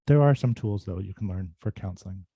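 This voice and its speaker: A man's voice: low voice, brisk, dark tone, slightly rough, no room sound, muffled recording. A man who works as a speech and voice clinician, giving a casual, thoughtful talk full of fillers and restarts over a video call. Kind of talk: casual informal presentation.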